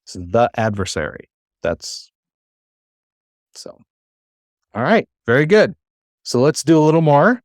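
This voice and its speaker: A man's voice: mid-range voice, sing-song, measured pace, long pauses, dry recording, studio quality. A man teaching a class, who explains patiently and coaxes his students to try reading aloud. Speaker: Hebrew teacher.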